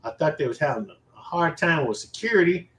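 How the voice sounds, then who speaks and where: A man tells a story from his own life in a casual, animated way, swearing freely and repeating himself for emphasis. His voice sits a little high. The room gives off a noticeable echo. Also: fairly quick. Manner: animated and profane, with emphatic repetition. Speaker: vlogger telling a personal story. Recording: roomy echo.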